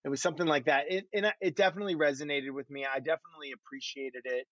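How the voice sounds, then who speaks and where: A middle-aged former pro quarterback tells self-deprecating stories about himself in casual conversation, laughing as he goes. His voice is a little high, a bit bright, and steady, and he talks very fast. The audio is dull, dry, and muffled with no room sound.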